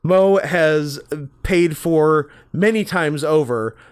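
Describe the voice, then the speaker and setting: A man's voice: fairly high pitch, takes it slowly, clean tone. A man hosts a casual podcast chat. He rambles and jokes, laughing often between thoughts. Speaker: podcast host.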